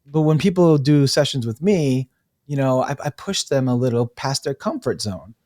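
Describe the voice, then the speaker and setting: A man, a guest on a talk show, telling stories in an animated way, acting out quotes and laughing easily. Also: mid-range voice, moderate pace, no room sound, clean studio sound. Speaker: breathwork facilitator, guest. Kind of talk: casual storytelling interview.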